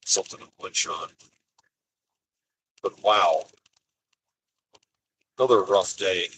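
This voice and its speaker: A man's voice: sits low, takes it slowly, fairly bright tone, slightly rough, dry recording, poor audio. A man driving a cargo van, telling the story of his frustrating morning in an exasperated, casual vlog monologue. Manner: exasperated storytelling, acts out quotes. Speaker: expedite van driver. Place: inside a cargo van on the highway.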